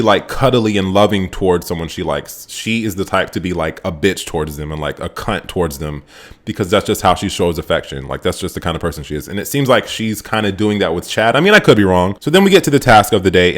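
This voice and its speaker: Animated sarcastic man recapping a show. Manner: animated, sarcastic, swears freely, pitch jumps up when excited. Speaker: reality show recap vlogger. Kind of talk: casual profane recap commentary.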